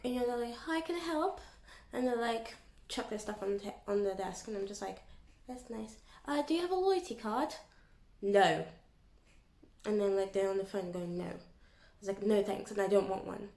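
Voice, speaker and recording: A young woman chatting casually to her vlog audience in an animated, storytelling way. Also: a little high, vocal fry. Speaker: YouTuber. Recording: echoey room.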